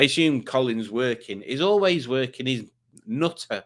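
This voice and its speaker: A male quiz host on a livestream, talking in a loose, rambling way at a middle pitch. He reads out viewer comments and drifts into self-deprecating jokes between them. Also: lively intonation, unhurried, a bit bright. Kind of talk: casual livestream chat.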